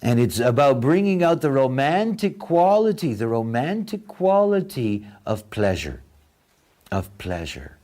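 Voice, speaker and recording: A man giving a spoken lecture in a sardonic, mocking, animated way. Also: medium pitch, a little slow.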